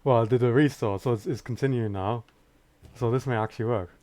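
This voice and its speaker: A male phone repair technician chats casually in the workshop, explaining his work in a calm, matter-of-fact way. His voice sits at an ordinary middle pitch. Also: brisk.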